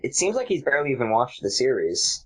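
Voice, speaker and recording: A man's voice: mid-range voice, sing-song, quick pace, slightly rough. A man hosting a podcast, chatting in a wry, joking way. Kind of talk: casual chat.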